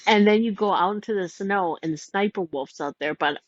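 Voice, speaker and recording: A woman's voice: mid-range voice, normal speed, no room sound, dull audio. A woman casually retelling a game's plot, rambling and giggly, full of "like" and little voices for the characters. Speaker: storyteller recounting a game plot.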